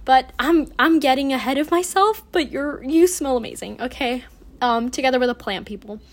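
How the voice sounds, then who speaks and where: A young woman with a slightly high voice chats casually into a phone propped up at home. She rambles and giggles, gushing with plenty of fillers as she hosts her own little podcast. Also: normal speed. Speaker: solo podcast host.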